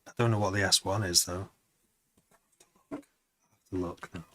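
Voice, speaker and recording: A man's voice: low voice, steady tone, normal speed, a bit bright, a little hiss or hum. A man producing music on a live stream, chatting to viewers in a rambling, casual way.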